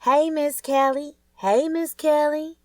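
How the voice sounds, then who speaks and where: A woman doing high, eager neighborhood kids. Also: fairly even intonation, takes it slowly, no room sound, far from the mic. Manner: shouting, calling out. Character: excited neighborhood kids, boy and girl, eager.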